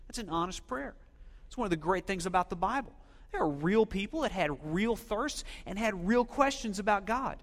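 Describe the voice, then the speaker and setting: A man preaching a sermon in a church, swinging between loud emphatic questions and hushed, near-whispered lines. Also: high-pitched, lively intonation, normal speed, big-room sound. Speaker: pastor.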